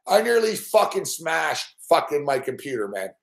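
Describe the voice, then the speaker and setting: A man with a high voice rants about a lost bet, swearing nonstop and acting out every moment. The echo of a bare room rings around his words. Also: slow pace, creaky, pauses often. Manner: swears constantly, animated, acts out scenes. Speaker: sports betting show host. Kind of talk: profane ranting live-stream chat.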